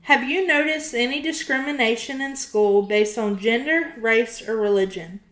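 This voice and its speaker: A woman interviewer reading out questions and closing narration in a measured, read-aloud way. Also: on the high side, a bit bright. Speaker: student interviewer. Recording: echoey room with faint music.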